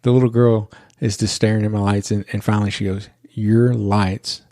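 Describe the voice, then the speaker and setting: A man's voice: lowish voice, flat delivery, quick pace, warm tone, no echo, studio quality. A man hosting a podcast, telling a story in a chatty way and laughing as he goes. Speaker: podcast host. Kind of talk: casual storytelling.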